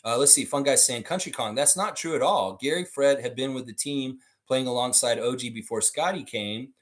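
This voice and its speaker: A man's voice: mid-range voice, normal speed. A man hosting a casual livestream, talking bluntly and with swearing as he argues with his chat. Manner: blunt, profane, argumentative, addresses chat. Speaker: livestream host.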